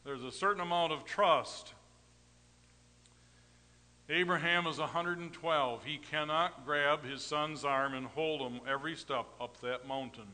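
A middle-aged man preaching a storytelling sermon, folksy and rambling, with sudden swings between loud emphasis and quiet asides. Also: on the high side, unhurried, long reverb tail. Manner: folksy, rambling anecdotes with tag questions.

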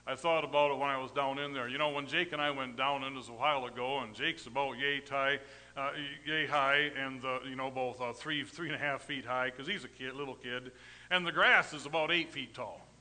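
A middle-aged man preaching a storytelling sermon, folksy and rambling, with sudden swings between loud emphasis and quiet asides. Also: mid-range voice, long reverb tail. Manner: folksy, rambling anecdotes with tag questions.

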